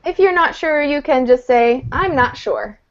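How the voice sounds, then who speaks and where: A woman's voice: sits high, expressive, unhurried. A woman teaching an online English lesson, explaining grammar patiently and checking in with her students. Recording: muffled video-call audio.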